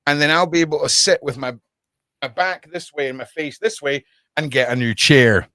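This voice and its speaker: A man's voice: a little high, normal speed, bright, forceful tone, dry recording, studio quality. A man hosting a casual livestream podcast from his home desk, rambling and chatting with viewers by name.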